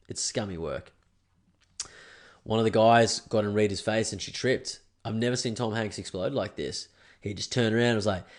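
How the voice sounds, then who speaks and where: A young Australian man hosting a podcast alone, ranting casually and swearing. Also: fairly low pitch. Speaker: podcast host. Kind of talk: solo podcast rant.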